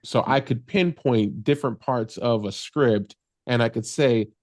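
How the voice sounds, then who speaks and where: A man's voice: medium pitch, unhurried, a little mellow, dry recording. A man who is a tech consultant guest on a podcast, explaining things step by step in casual chat and laughing easily.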